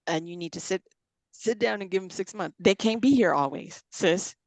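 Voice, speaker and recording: A woman's voice: mid-range voice, normal speed, dry recording. A woman hosting a ministry talk, animatedly acting out scripture scenes as she speaks. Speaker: ministry podcast host. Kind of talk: faith talk.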